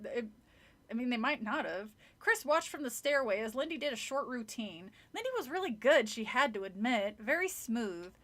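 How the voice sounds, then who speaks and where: A woman's voice: on the high side, expressive, moderate pace, a bit bright. A woman streamer reading a horror book aloud, often laughing and making crude joking asides. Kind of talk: casual read-aloud with commentary.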